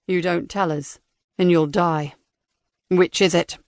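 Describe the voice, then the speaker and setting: A woman's voice: fairly low pitch, slow, dry recording, pitched below the performer's own voice. A woman reading an audiobook voicing a cold interrogator with a disguised robotic voice. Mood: menacing. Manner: cold, flat, threatening.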